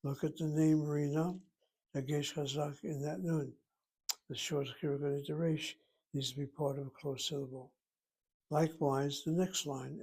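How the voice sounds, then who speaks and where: A man teaching a Hebrew lesson, explaining slowly and carefully and sounding out words. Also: a little high, flat delivery, a little mellow, breathy edge. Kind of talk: slow classroom lesson.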